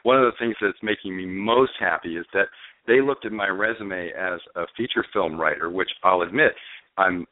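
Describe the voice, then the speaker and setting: A male novelist and screenwriter telling his story in a phone interview, animated but halting, with fillers and restarts. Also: low-pitched, no echo. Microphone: telephone. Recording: dry tinny phone line.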